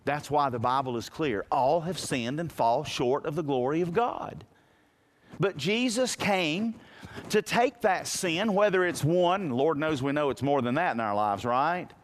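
A high-pitched male pastor delivering a sermon. He talks straight at his congregation, often calling for them to listen, and his delivery rises to loud emphatic peaks before dropping to hushed, low stretches. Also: a little slow. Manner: preaching with dramatic swings from loud to hushed; direct, addresses listeners with "listen".

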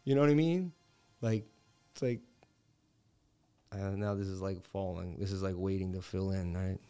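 A man's voice: deep voice, normal speed, mellow, clear, resonant tone, soft background music. A man in his thirties from the Boston area, hosting a casual crypto livestream and telling rambling stories full of "like" and "you know, man.". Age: 30s. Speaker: crypto stream host.

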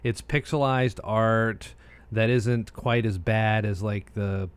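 A man's voice: on the low side, slow pace, clean tone, dry recording. An American man co-hosting a casual chat show, meandering easily with frequent asides. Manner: relaxed, meandering, many restarts and filler asides. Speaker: co-host.

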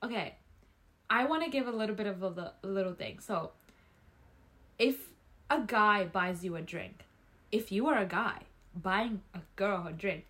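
A young woman from Canada co-hosting a podcast, telling a night-out story in casual, animated chat, laughing often and swearing freely. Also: medium pitch, moderate pace, pauses often. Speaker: podcast co-host.

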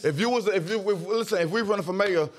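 A man with a fairly high voice rushes his words in a lively group argument. He stumbles and repeats himself as he pushes to finish his point, swearing along the way. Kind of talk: heated casual debate.

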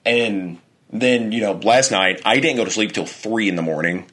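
A man's voice: lowish voice, normal speed, breathy edge. A young man on a podcast telling a story in casual chat, swearing freely and acting out quotes in a raised voice. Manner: animated storytelling, heavy swearing. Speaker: podcast co-host.

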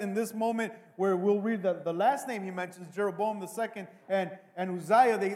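Guy preaching a sermon, kinda high voice, goes quiet then loud, repeats stuff, big echoey hall. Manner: dynamic preaching, swings between hushed and loud, repeats words. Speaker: pastor.

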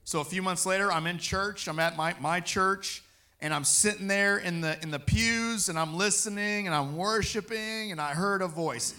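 Bright-voiced man preaching his testimony. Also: sits high, moderate pace. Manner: animated storytelling, acting out his own quotes. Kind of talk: personal testimony sermon.

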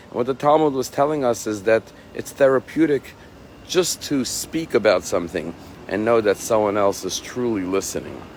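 Rabbi guy preaching slow and deliberate, voice sits kinda low, slight background hum. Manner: measured, emphatic preaching with slow stressed phrases. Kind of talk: sermon.

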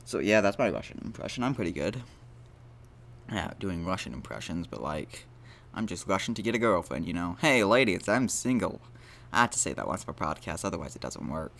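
A man's voice: deep voice, big pitch swings, fairly quick, vocal fry, a bit bright. A man hosting a casual solo podcast, rambling and joking at his own expense. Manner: rambling, self-deprecating, jokey. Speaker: podcast host.

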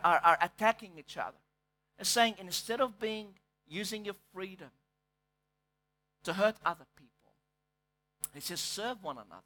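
A man's voice: high voice, sharp tone. A male pastor preaching a sermon, emphatic, often repeating words as he searches for the next phrase.

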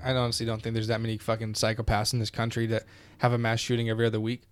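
A man co-hosting a casual podcast, animated and rambling, swearing constantly as he talks. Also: mid-range voice, racing, slight background noise. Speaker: podcast co-host.

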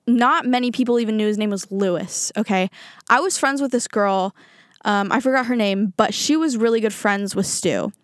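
Young woman rambling through a storytime, chatty, bit high-pitched, dry close sound. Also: no room sound. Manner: chatty, animated, swears, acts out quotes. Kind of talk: casual storytime chat.

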